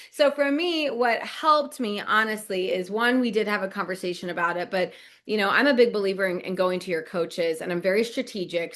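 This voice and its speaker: A middle-aged woman from Nebraska, co-hosting a podcast and telling a story casually, acting out quoted lines and laughing often. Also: mid-range voice. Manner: animated, laughs often, acts out quoted dialogue. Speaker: podcast co-host, business coach.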